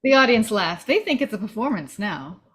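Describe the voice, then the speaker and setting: Woman reading stage directions, lively. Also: mid-range voice, moderate pace, breathy edge.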